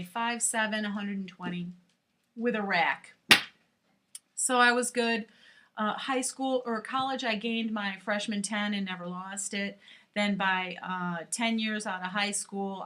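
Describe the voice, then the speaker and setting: A woman's voice: mid-range voice, pushed and bright. A middle-aged woman chatting frankly to camera in a casual vlog, with many fillers. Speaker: vlogger.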